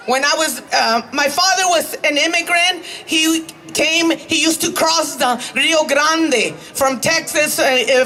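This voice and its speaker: A woman speaks at a public rally, her voice high and bright. She talks slowly and earnestly, and the outdoor sound carries faintly behind her. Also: slight background noise, rough recording. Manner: earnest, building to rousing exhortation. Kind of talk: personal story at a public rally.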